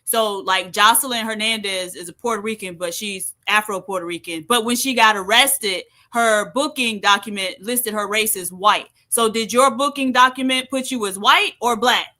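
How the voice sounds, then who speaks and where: Bright-voiced woman in casual chat. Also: medium pitch, moderate pace, few pauses. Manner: relaxed, conversational, uses fillers like "like".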